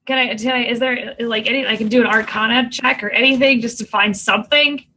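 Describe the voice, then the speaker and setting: A woman playing a tabletop game, playful and quick to grumble. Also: on the high side, fairly even intonation, pushed and bright, rough recording. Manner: playful, exasperated. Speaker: player.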